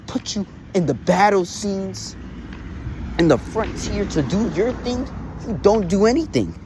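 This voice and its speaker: A man's voice: on the high side, mellow, slight background noise. A young man managing a fantasy league team, delivering a heated, mocking rant full of repetition. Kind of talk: casual trash-talk rant.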